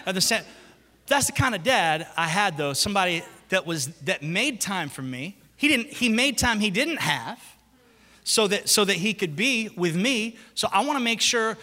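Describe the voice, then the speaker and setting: Lively high-voiced male pastor in a hall. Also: normal speed. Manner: lively storytelling, acts out quotes. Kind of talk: sermon. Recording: long hall reverb.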